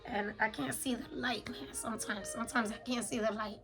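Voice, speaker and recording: A woman's voice: on the high side, fairly even intonation, brisk, music in the background, low-quality recording. A woman in her thirties speaking in a candid confessional journal, weary and blunt, swearing often. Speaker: mother journaling on camera.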